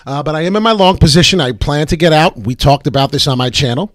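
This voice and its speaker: A man's voice: mid-range voice, animated, quick pace, few pauses, fairly bright tone, no echo, studio quality. Brash hyped-up male crypto streamer. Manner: hyped, brash, profane, heavy on filler ums. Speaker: crypto trading livestream host. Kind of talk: live market commentary.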